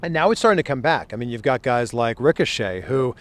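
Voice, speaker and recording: A man hosting an interview, asking questions in an upbeat, joking way with quick asides. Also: medium pitch, animated. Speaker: interviewer host. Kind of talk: casual interview. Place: outdoors near a helicopter. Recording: faint outdoor noise with helicopter.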